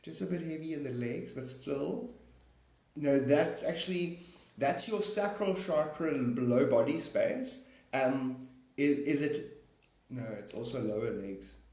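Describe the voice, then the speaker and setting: Guy rambling on a live stream, mid pitched, playful wordplay, lots of chuckles, echoey room. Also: a little slow, darkish tone. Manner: speaks straight to viewers by name. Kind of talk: rambling spiritual live chat. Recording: roomy echo.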